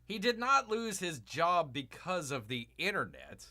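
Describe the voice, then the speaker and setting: A man's voice: fairly high pitch, big pitch swings, a little slow, bright, forceful tone. A man hosting a live stream, reading news aloud and breaking off into sarcastic, mocking asides, rambling with many fillers. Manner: rambling with frequent fillers and restarts.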